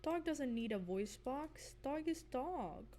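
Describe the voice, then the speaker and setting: A woman livestreaming while she plays a game, chatting casually. She is goofy and playful, giggles often, and breaks into squeaky cries and mock whispers. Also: lively intonation, slow pace, dark tone, slight background noise. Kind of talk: casual live-stream chatter while gaming.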